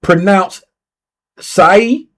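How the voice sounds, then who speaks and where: A man's voice: high voice, very slow, fairly bright tone. A man hosting a casual livestream giveaway, playfully reading viewer names aloud and repeating himself as he types them in. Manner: playful, teasing. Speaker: livestream host running a giveaway.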